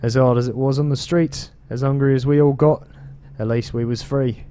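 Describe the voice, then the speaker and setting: A man's voice: mid-range voice, steady tone, normal speed, mellow, a little hiss or hum, natural voice. A man voicing a male street gang member telling tales in an attempted British accent, reading game lore aloud in a slangy, loose delivery. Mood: storytelling.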